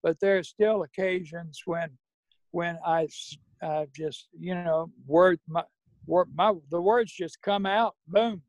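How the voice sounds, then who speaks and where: A middle-aged man, a podcast guest, talking about recovery in a measured, folksy way. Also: high voice, steady tone, dry recording, rough recording. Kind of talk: reflective recovery conversation.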